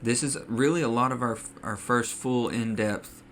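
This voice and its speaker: A man's voice: mid-range voice, normal speed, a bit bright, a little hiss or hum. A man co-hosting a casual podcast, chatty and full of ums and uhs. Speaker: podcast co-host.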